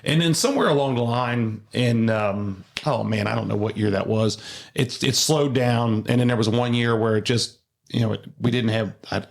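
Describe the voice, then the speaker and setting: A man's voice: medium pitch, normal speed, vocal fry. A man, a home builder hosting a casual podcast, rambling through stories with many restarts.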